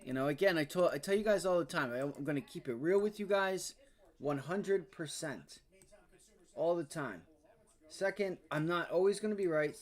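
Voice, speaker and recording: Hosting a live day-trading stream, a man with a fairly high voice speaks at a normal speed. He's frustrated and swearing, muttering to himself as he addresses viewers.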